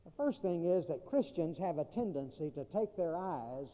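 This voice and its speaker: A man preaching a sermon, emphatic, repeating key phrases and swinging between loud and quiet passages. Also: a little high, lively intonation, moderate pace, few pauses. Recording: tinny phone-like audio in a reverberant hall.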